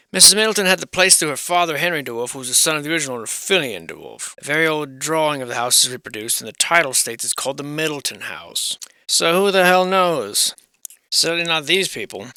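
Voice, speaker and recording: A man with a strikingly bright, smooth voice, recorded dry and close. He talks loosely and sarcastically, swearing and thinking aloud as he rambles through his commentary. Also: fairly high pitch, no room sound. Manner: sarcastic, irreverent, swears freely. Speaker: channel host. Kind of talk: casual commentary on old building survey photos.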